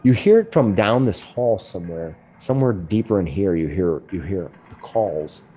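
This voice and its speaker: A middle-aged man narrating as game master, describing rooms in a halting way with many restarts. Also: deep voice, big pitch swings, mellow, a little hiss or hum.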